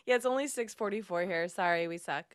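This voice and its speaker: A woman's voice: medium pitch, fast talker. Giggly woman on a podcast, chatty, keeps laughing and saying sorry. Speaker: podcast guest. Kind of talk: casual podcast chat.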